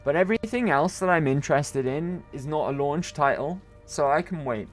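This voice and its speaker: A man's voice: fairly high pitch, lively intonation, normal speed, soft background music. A man chatting and joking loosely while streaming a video game, rambling and swearing now and then. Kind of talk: casual gameplay commentary.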